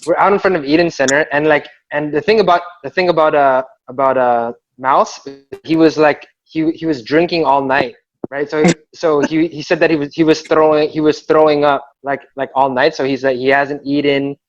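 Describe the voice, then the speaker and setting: In a relaxed video call chat, a b-boy crew member tells an animated, wandering story, performing quotes with shouts and laughter. His voice is slightly high and moderately paced, though the audio is muffled.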